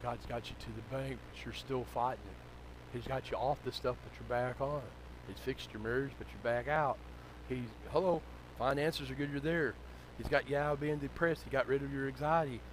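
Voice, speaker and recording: A male pastor, preaching a sermon that moves from low, conversational storytelling to loud, shouted exhortation. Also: steady tone, moderate pace, slight background noise, low-quality recording.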